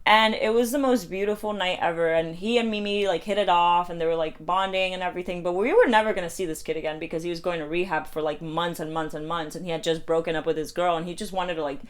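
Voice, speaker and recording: A woman's voice: fairly low pitch, fairly even intonation, fast talker, few pauses, clean tone. A young American woman in her twenties telling a story to her phone camera in a casual chatty way, filling her speech with "like" and acting out the voices of other people. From United States. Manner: chatty, heavy use of "like", acts out quoted voices. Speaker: vlogger.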